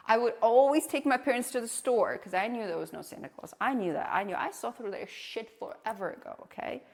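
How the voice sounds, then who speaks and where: A woman's voice: mid-range voice, fast, vocal fry, few pauses, big-room sound. A young adult woman streaming and chatting casually with viewers, telling blunt stories with plenty of swearing. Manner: blunt, swears freely, storytelling.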